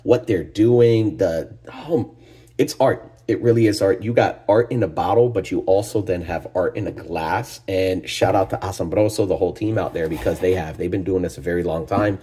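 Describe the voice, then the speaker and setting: Hosting a casual tequila tasting review for his channel, this man gushes with enthusiasm as he exclaims over each aroma. His voice sits low, husky and dark-toned, at a moderate pace.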